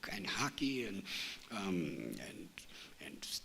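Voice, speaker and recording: A man giving a spiritual talk, telling a story in a slow, measured way. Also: deep voice, sing-song, gravelly, very noisy. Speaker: spiritual teacher.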